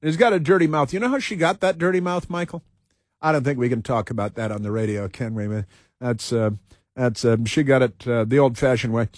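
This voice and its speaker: A man's voice: mid-range voice, fairly quick, no echo, clean studio sound. A male talk radio host giving combative commentary, repeating phrases for emphasis.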